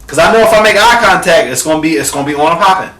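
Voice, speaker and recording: Bright-voiced young man ranting a story. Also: on the high side, animated, very fast, far from the mic. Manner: profane, dramatic, addresses viewers as girl; bursts into shouting at peaks. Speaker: vlogger. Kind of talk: animated storytelling rant. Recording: echoey room, off the mic.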